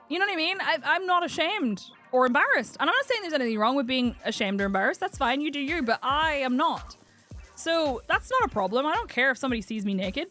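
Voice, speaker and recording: A young adult woman chats on a live game stream from her home setup, candid and quick to laugh as she tells stories. Her voice sits a little on the high side. Soft music plays faintly underneath. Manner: chatty and candid, laughs often, animated storyteller. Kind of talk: casual chat while gaming live.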